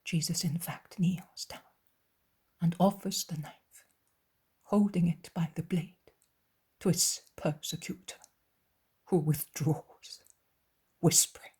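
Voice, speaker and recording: Slow breathy female audiobook narrator, soft near-whisper delivery, lowish voice. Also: steady tone. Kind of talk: scripted narration.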